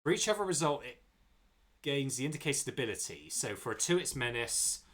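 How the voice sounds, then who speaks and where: A man's voice: medium pitch, big pitch swings, fairly quick, a bit bright. A man playing a card game with friends over a stream, chatting casually and explaining card rules at length with self-deprecating jokes.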